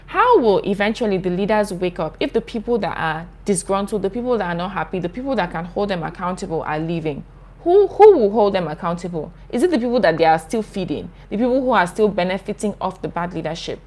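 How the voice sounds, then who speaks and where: A young Nigerian woman hosts her YouTube channel, reading viewer comments aloud and responding in an earnest, impassioned, chatty way. Her mid-range voice has big pitch swings and moves fairly quickly.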